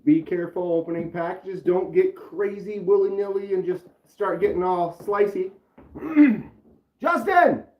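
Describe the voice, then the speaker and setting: Man streaming live, casual rambling chat, slightly high voice, roomy and a bit dull sound. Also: unhurried. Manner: rambling, greets chat viewers by name. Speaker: knife channel live streamer.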